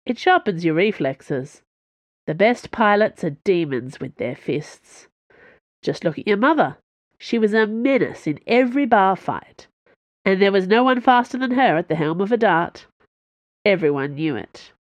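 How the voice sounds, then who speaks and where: A woman's voice: mid-range voice, lively intonation, unhurried, no room sound, muffled recording, close to an everyday voice. A woman voicing an affectionate father giving his daughter folksy advice. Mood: fond.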